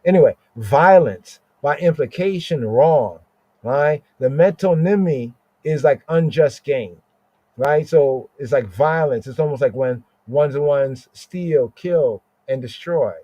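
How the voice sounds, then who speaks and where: A man hosting a live Bible study, slowly explaining Hebrew words, repeating them and often asking "right?". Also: a little high, mellow, no echo, lo-fi sound. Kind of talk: live scripture teaching.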